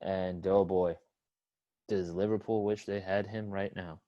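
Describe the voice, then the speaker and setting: A man's voice: low-pitched, flat delivery, a little slow, lo-fi sound. An American man co-hosting a casual sports podcast, laid-back, with brief replies. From United States. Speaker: podcast co-host.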